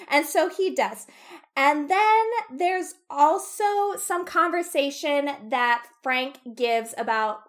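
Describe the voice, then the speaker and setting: A young woman casually recapping a book on a podcast, acting out the characters in quick voices and laughing often. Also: sits high, a bit bright. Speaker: podcast co-host.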